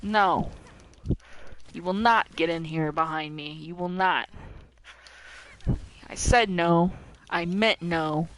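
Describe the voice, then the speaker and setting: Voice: mid-range voice, slow pace, pauses often, fairly bright tone, a little hiss or hum, poor audio. A game streamer commentating live with playful drama and talking to the characters on screen.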